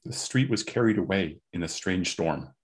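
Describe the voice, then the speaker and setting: A man narrating as game master, describing scenes slowly with small restarts. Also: low-pitched, lively intonation. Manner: deliberate, halting description.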